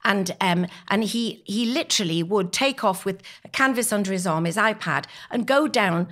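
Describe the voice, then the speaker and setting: A woman's voice: mid-range voice, moderate pace. Chatty woman telling stories as a podcast guest. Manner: chatty, animated storyteller. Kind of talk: casual podcast chat.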